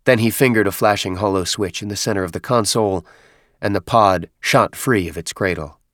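Low-pitched guy reading an audiobook, steady measured storytelling, dry close mic. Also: no echo. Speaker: audiobook narrator. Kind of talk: scripted narration.

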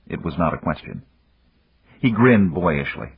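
A man narrating an audiobook in measured storytelling. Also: rumbling low, lively intonation, slightly rough, dry recording. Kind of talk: scripted narration. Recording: dull lo-fi, dry recording.

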